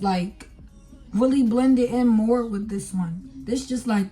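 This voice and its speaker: A woman's voice: medium pitch, dark tone. A young woman chatting casually through a makeup tutorial, talking to viewers with lots of fillers as she works. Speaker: beauty vlogger.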